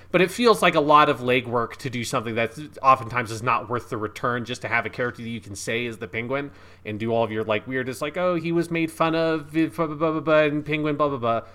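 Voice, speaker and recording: Bright-voiced chatty man. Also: mid-range voice. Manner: relaxed, chatty, many fillers and swearing. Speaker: podcast co-host. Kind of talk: casual film discussion.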